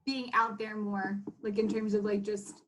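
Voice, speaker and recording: A woman's voice: mid-range voice, flat delivery, unhurried, slight background noise. A woman co-hosting a podcast, chatting casually in an easygoing way, laughing along. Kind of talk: casual chat.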